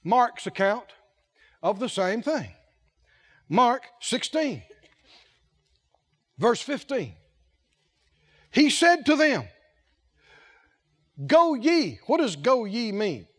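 A man's voice: very high-pitched, big pitch swings, slow, long pauses, a bit bright. A man preaching a sermon as head of a ministry, emphatic and repetitive, asking the congregation questions and acting out quotes.

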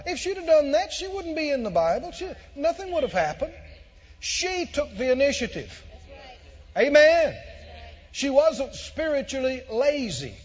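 High-voiced preacher in a ringing hall. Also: male voice, big pitch swings, measured pace, lo-fi sound. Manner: emphatic, repeats phrases, swells to shouts. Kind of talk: sermon.

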